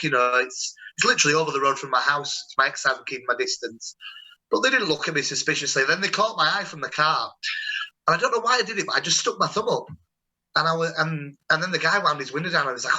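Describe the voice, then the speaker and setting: A young man hosting a relaxed call, telling stories in a rambling, chatty way with plenty of restarts. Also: a little high, rapid-fire, breathy edge, rough recording. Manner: chatty, rambling, warm storytelling with many restarts. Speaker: host. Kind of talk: casual video-call chat.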